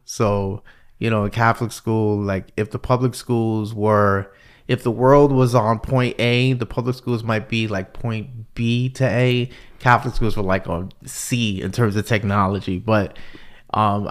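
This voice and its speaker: A man's voice: fairly low pitch, steady tone, a little slow. A middle-aged man hosting a podcast, chatting casually and telling stories animatedly, often repeating words. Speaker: podcast host. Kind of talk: casual conversation.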